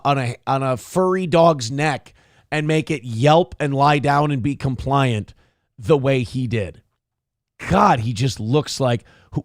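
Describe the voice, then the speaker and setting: Brief: male host, higher-pitched voice, dry close sound, angry mocking commentary, swears a lot. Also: dry recording. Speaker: show host. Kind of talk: profane commentary reacting to a clip.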